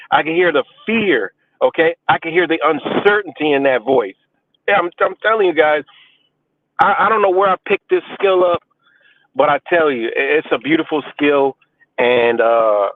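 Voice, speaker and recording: A man hosting a live stream, ranting about a message with profane, boastful scorn. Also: a little high. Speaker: livestream host. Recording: dry, tinny phone-like sound.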